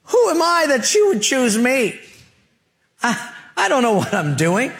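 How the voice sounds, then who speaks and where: A man's voice: very high-pitched, huge pitch swings, measured pace, vocal fry, fairly bright tone, voice pushed up, heavily acted. Man doing a stammering, frightened biblical man. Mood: pleading. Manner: stuttering, pleading.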